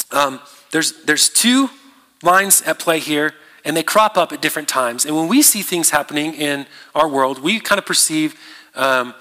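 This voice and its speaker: A man preaching a sermon as a pastor, in a conversational, halting way with many fillers and restarts. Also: a little high, pushed and bright. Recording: long reverb of a large hall.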